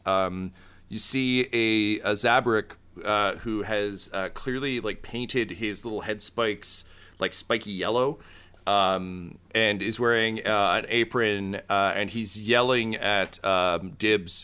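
A man's voice: on the low side, steady tone, pushed and bright, smooth. Man running a tabletop game. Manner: halting, many fillers. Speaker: game master.

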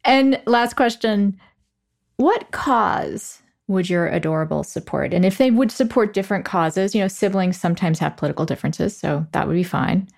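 A woman's voice: medium pitch, animated, moderate pace, creaky, a little mellow. A woman hosting a podcast, asking questions and reading the outro in an upbeat, lightly joking way. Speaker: podcast host.

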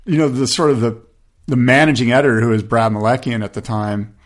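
A man's voice: mid-range voice, fairly quick. A man in his fifties hosting a podcast, telling a story in casual chat and acting out what people said. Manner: animated, acts out quoted voices, many fillers. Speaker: podcast host.

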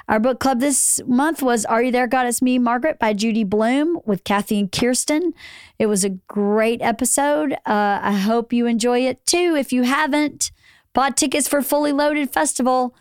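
A middle-aged woman with a Southern US accent hosting a podcast, hoarse from losing her voice, chatting and laughing often. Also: a little high, dry recording, studio quality. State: hoarse, recovering lost voice. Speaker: podcast host. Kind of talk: casual chat.

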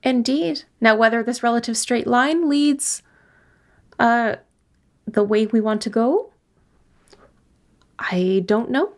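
Higher-voiced woman player narrating. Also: slow, long pauses. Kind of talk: casual tabletop narration.

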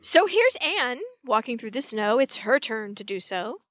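Woman, podcast co-host, higher voice, dry close sound, wry chatty retelling. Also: very animated, moderate pace, no echo. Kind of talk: casual recap chat.

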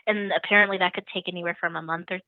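A young woman on a call-in show spills a story with animated energy and frequent laughs. Her voice comes through a tinny phone line with no room around it. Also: on the low side, very fast, no echo. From lives in the Netherlands. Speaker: caller. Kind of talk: casual storytelling.

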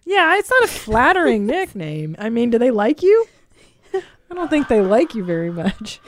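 A woman's voice: fairly high pitch, very animated, normal speed, no room sound, clean studio sound. A woman hosting a podcast in casual chat, playful and teasing, with some swearing. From Hungarian family. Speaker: podcast host.

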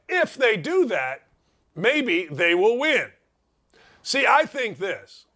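A man's voice: high voice, a bit bright. A middle-aged man hosting a sports talk show, delivering an emphatic, opinionated monologue full of rhetorical questions.

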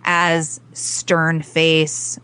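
A woman's voice: sits low, little pitch movement, very slow, fairly bright tone, clean tone, no room sound. A woman parent coach talking earnestly in a podcast interview, telling stories with acted-out quotes.

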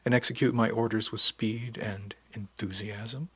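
A man reading the lines of a seductive, commanding woman ship's officer in a low, husky, teasing voice. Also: fairly quick, a bit bright, full character voice. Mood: sultry.

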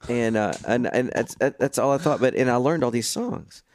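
A man's voice: medium pitch, moderate pace, darkish tone, slight background noise. A man telling a long story in casual podcast chat, acting out the voices of people he quotes. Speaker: guest musician.

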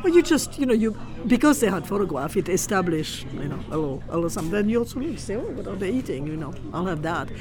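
A woman from France with a French accent, a food critic chatting lively and emphatically while out at restaurants and driving around town. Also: medium pitch, fast talker, few pauses. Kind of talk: casual chat on location. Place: restaurants and car around a city.

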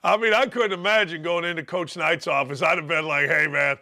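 A man from Indiana hosting a casual sports interview, jokey and animated and quick to laugh. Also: a little high. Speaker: host.

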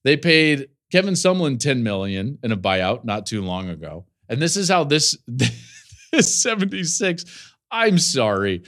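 A man in his forties, a college football analyst, giving podcast commentary with animated storytelling and laughing asides. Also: mid-range voice, moderate pace, hardly any pauses.

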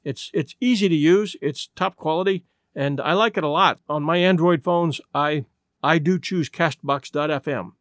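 A man narrating classic short stories for his podcast, reading in a measured, expressive way, then thanking listeners in a relaxed, friendly tone. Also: a little high, no room sound, clean studio sound. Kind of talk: storybook narration and podcast sign-off.

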